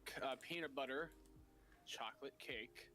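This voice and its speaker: A man's voice: medium pitch, moderate pace, pushed and bright, soft background music. A man in casual chat on a call, teasing and laughing, talking while chewing. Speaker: guest on call. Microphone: new mic.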